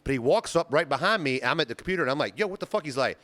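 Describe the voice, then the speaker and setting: A man's voice: mid-range voice, rapid-fire, dry recording. A young man co-hosting a podcast, telling a workplace story casually and profanely, acting out the quotes. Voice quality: animated, profane, acts out quotes. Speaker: podcast co-host.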